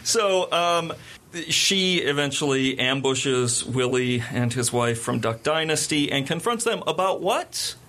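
A man in a casual chat, an animated storyteller who laughs often while retelling a film plot. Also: fairly high pitch, measured pace.

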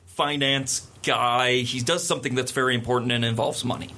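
Bright-voiced man retelling a film. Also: mid-range voice, normal speed, a little hiss or hum. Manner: animated storyteller, laughs often. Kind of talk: casual chat.

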